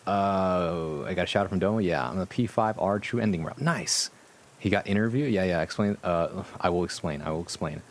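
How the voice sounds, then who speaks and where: A man's voice: sits low, fairly quick. A man streaming live as a VTuber, chatting casually with his viewers, amused, profane and rambling.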